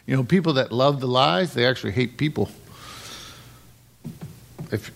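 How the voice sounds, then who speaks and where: A man's voice: medium pitch, normal speed, creaky. A middle-aged man preaching a casual sermon in a conversational way, often checking in with the congregation. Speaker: pastor.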